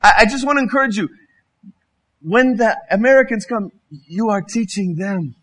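A high-voiced man in his fifties preaches as a guest speaker. He delivers his sermon through lively, humorous stories, with a bright and animated manner. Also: normal speed. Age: 50s.

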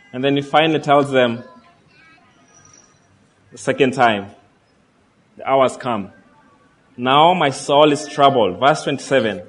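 A man preaching a sermon, reading scripture aloud and earnestly asking his listeners questions. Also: mid-range voice.

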